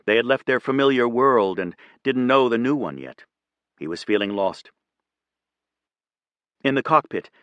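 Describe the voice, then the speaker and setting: A male narrator reads a novel in a measured, even way. His voice sits low and the recording is dry and close, with no room sound. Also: no room sound. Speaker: audiobook narrator. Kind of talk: scripted narration.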